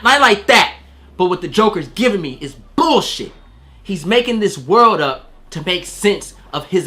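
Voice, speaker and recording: Male movie reviewer, casual and profane, pitch jumping all over, bright tone. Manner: animated, slangy and profane; acts out quoted voices.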